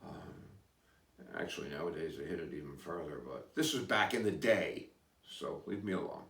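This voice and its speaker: A man's voice: very deep voice, normal speed, vocal fry, a bit bright, recorded from a distance. A man hosting a podcast who tells stories in a casual, rambling way, hesitant and full of asides. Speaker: podcast host. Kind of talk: casual storytelling chat. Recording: roomy, away from mic.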